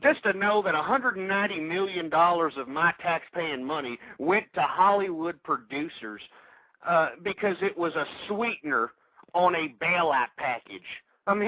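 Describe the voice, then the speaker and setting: Angry high-voiced man ranting on radio. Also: lively intonation, moderate pace, dry recording. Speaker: radio talk show host. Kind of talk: political talk radio rant. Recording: tinny phone-like radio audio.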